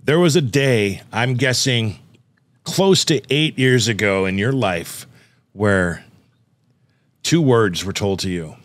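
A man's voice: fairly low pitch, animated, takes it slowly, long pauses, no room sound. A man from Southern California hosting a podcast, asking easygoing, jokey questions. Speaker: podcast host. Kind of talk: casual interview chat.

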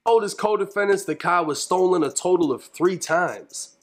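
A man giving a measured, matter-of-fact scripted narration for an investigative video. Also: sits high.

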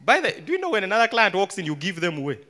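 A young adult Ugandan man doing live stand-up comedy, an animated storyteller who swings between hushed mutters and loud outbursts. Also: sits high, rapid-fire. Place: live comedy stage with audience.

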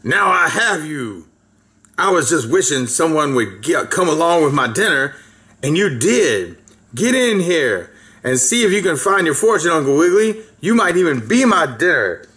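A man's voice: fairly high pitch, sing-song, normal speed, sharp tone. A man voicing a sly, hungry big black bear who lures his prey with coaxing talk. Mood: harsh. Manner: coaxing and sly, then harsh.

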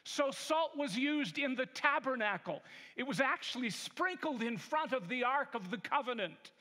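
A male pastor preaching a sermon in a church, emphatic and deliberate. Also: very high voice, animated, pushed and bright. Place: large church sanctuary. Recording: long hall reverb.

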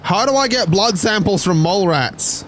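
A man's voice: high voice, animated, normal speed, a bit bright, slight background noise. Man joking through game commentary. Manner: rambling, joking asides to chat. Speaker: streamer. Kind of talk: casual gameplay commentary.

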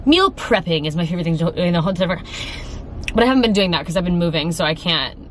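A woman's voice: on the low side, animated, fast, a bit bright. A young woman vlogging in a casual chat, rambling and self-mocking, laughing often and swearing freely. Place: at home and in her car. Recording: echoey room, faint ambient noise.

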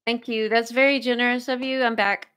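Woman host, bright and crisp tone, loose chatty livestream delivery, warmly thankful to viewers. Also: on the high side, steady tone, brisk. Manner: reads viewer comments aloud, effusively grateful. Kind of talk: casual livestream chat.

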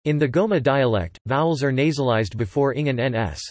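A synthetic male voice at an ordinary middle pitch reads an encyclopedia article in an even, machine-flat way. The sound is completely dry, with no room around it. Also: brisk, no room sound. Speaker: text-to-speech reader. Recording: dry, close synthetic audio.

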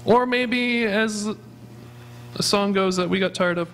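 A man's voice: sits high, measured pace, a bit bright, slight background noise. A man preaching a sermon as pastor of a church, earnestly asking his congregation questions. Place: church sanctuary.

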